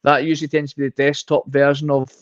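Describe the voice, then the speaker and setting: A Scottish man co-hosting a casual live podcast in a relaxed, halting way. His mid-pitched voice comes over a dull, dry remote call line. He often restarts his sentences. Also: no room sound. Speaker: podcast co-host.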